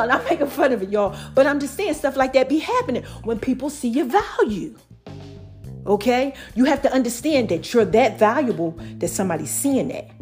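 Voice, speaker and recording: A woman's voice: sits high, darkish tone. A woman giving a playful, casual motivational talk to her viewers, laughing and acting out little voices. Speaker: vlogger.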